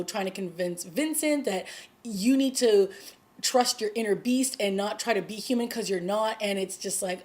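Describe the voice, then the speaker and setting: A woman giving a casual recap of a TV episode, talking in a chatty way full of "like" and "you know" and getting excited at dramatic moments. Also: medium pitch. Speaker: TV show recapper.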